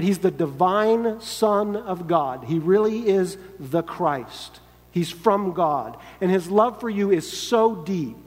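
A man's voice: sits high, a little mellow. A man preaching a sermon in an earnest, emphatic way, sometimes acting out quoted lines. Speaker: pastor. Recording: long hall reverb.

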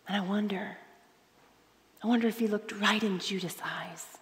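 A woman preaching a sermon, telling the story dramatically, dropping to hushed tones and then rising for emphasis. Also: medium pitch, steady tone, moderate pace, big-room sound.

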